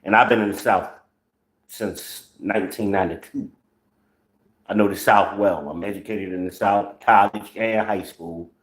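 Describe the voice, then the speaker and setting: A man's voice: lowish voice, steady tone, moderate pace, roomy sound, poor audio. A man in his forties from the northern United States, hosting his own channel with blunt, profane, sarcastic social commentary. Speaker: channel host.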